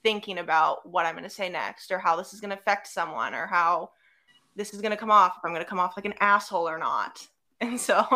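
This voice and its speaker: Young woman co-host just chatting, bright forceful voice, tells stories by doing everybody's lines. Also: lowish voice, fairly quick. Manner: animated storytelling, acting out quotes. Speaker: podcast co-host. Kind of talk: casual chat.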